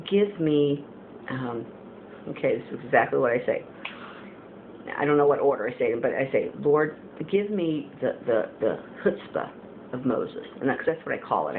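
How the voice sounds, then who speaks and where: Earnest woman, tinny lo-fi audio. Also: low-pitched. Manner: rambling and earnest, many "you know"s. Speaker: Christian video blogger. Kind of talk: casual spiritual testimony. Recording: tinny phone-like audio with faint hiss.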